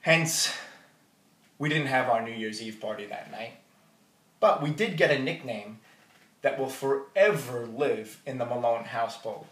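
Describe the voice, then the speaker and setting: Man giving a slow toast in a hall. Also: mid-range voice. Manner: storytelling, jokey and warm toward the groom. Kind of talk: wedding toast speech. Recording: roomy hall audio from a distance.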